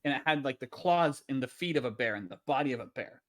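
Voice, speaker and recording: A man playing a tabletop game, explaining in a rambling, excitable way. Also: mid-range voice, quick pace. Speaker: player. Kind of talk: casual chat.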